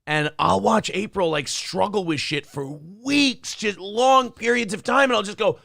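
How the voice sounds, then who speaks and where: A man with a high, slightly slow, creaky voice hosts a casual morning podcast, recorded dry and clean in a studio. He's blunt and swears heavily, telling animated stories, bantering, and reading viewers' super chats aloud.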